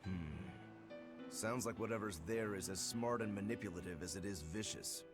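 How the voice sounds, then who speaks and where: A man voicing a wary, low game traveler. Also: moderate pace, lightly acted. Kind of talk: game voice acting. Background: game music.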